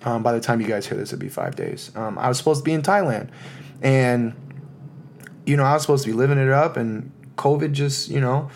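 A man's voice: medium pitch, very animated, fairly quick, creaky, slight background noise. Heartfelt American man hosting his podcast. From United States. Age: 30s. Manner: heartfelt, loose and rambling, with many fillers. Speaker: podcast host. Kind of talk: casual solo podcast monologue.

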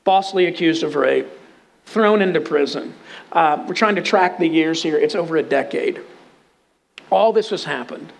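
A man's voice: on the high side, moderate pace, creaky. A middle-aged man with a Texan accent, preaching a sermon as a pastor and retelling a Bible story in a conversational, joking way. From Texas.

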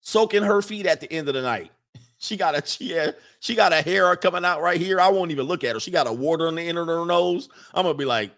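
Gravelly, laughing man riffing with slang. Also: fairly high pitch, quick pace, fairly bright tone. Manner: laughs often, slangy and crude. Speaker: streamer reading viewer comments. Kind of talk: casual comedic riffing.

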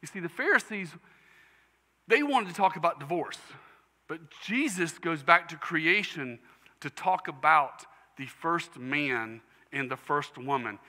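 A man preaching a sermon as pastor to his congregation, emphatic, repeating key phrases slowly. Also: on the high side, sharp tone, in a large hall. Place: church sanctuary.

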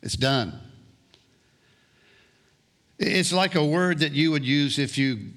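A man preaching a sermon as pastor, deliberate and prone to repeating words as he restarts phrases. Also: fairly high pitch, expressive, fairly bright tone.

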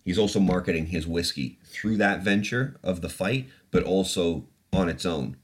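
A man's voice: low-pitched, normal speed. A man hosting a podcast in casual chat, laughing often and swearing freely. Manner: laughs often, loose and chatty. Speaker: podcast host.

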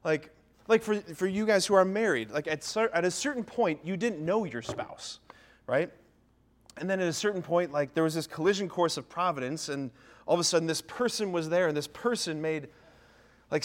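A man from Ohio in his thirties, a priest, delivers a humorous, self-deprecating talk to parents in a church or parish hall, frequently tossing in "right?". He sounds animated, his voice on the high side, moving at normal speed.

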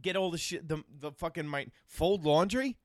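A man's voice: a little high, moderate pace, no echo, studio quality. A man hosting a comedy podcast, casual and crude, swearing freely. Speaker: podcast host.

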